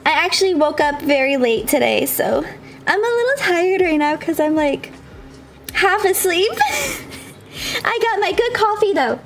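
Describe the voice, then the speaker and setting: A woman's voice: very high-pitched, expressive, unhurried. A woman game streamer chatting casually with her viewers, bubbly and chatty, laughing often.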